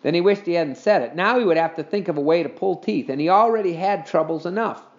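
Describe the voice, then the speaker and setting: A man narrating a children's storybook in an animated, expressive reading style. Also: sits high, fast talker, highs cut off. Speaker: audiobook reader.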